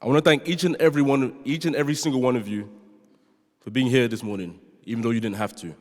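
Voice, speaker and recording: A man's voice: medium pitch, fairly even intonation, quick pace, darkish tone. A young man from London giving an earnest prepared speech as a student speaker in a large chapel, joking with the audience at times. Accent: London English. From London, born in Nigeria. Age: young adult. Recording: long reverb of a chapel hall.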